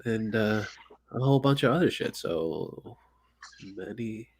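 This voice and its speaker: A man hosting a podcast in casual chat, excitable and profane, rambling with frequent restarts. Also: fairly low pitch, unhurried. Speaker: podcast host.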